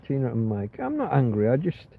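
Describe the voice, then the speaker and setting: A man's voice: medium pitch, wildly swooping pitch, brisk, creaky. A middle-aged man hosting a casual livestream from bed, rambling and reading chat messages aloud, with frequent swearing. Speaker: livestream host. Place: in bed in a van or caravan. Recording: tinny phone-like sound.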